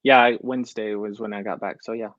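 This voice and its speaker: A man's voice: lowish voice, fairly even intonation, fast talker, a bit bright, dry recording, muffled recording. A young man, a country singer, chatting casually in an interview and acting out his own past lines with "I was like.". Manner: storytelling, quoting himself with "I was like" often. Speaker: country recording artist, guest.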